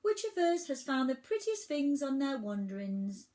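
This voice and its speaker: A woman's voice: high-pitched, sing-song, moderate pace, warm tone, pitched above the performer's own voice. A woman voicing a sad but proud old female island who calls out in a formal, proclaiming tone. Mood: sad, stately. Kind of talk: storybook read-aloud.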